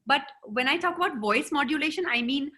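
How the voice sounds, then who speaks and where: Bright-voiced woman. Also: high-pitched, fairly quick. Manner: lively and encouraging, quizzes listeners, acts out examples. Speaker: seminar speaker and trainer. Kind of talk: interactive talk to an audience.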